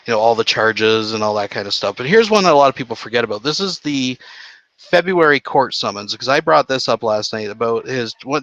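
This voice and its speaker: A man's voice: mid-range voice, bright, forceful tone, dry recording. A man from Canada hosting a livestream in casual, rambling commentary, swearing freely and restarting his sentences. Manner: rambling, profane, lots of restarts. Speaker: livestream host. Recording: dull lo-fi stream audio.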